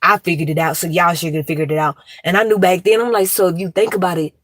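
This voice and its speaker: A woman's voice: fairly low pitch, steady tone, fast talker, no room sound. A woman, ranting emphatically and profanely to her viewers. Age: 30s. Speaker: vlogger.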